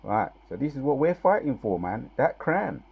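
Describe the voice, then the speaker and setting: A man giving an informal scripture teaching. He reads verses slowly with loud, drawn-out stress and talks casually between them, often asking "right?" and "yeah?". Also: medium pitch, sing-song, gravelly, husky. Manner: conversational, with tag questions and fillers between verses. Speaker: bible teacher.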